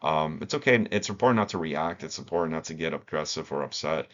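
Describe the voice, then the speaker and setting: Very deep-voiced man, halting training talk. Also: lively intonation, fairly bright tone. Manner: hesitant, many fillers and restarts. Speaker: staff trainer. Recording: dull lo-fi recording.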